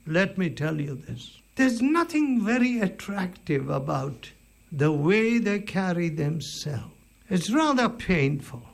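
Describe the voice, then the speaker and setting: A man delivers a sermon in a high, gravelly voice. He speaks slowly and emphatically, leaning on rhetorical questions and dramatic pauses. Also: sing-song. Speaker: preacher.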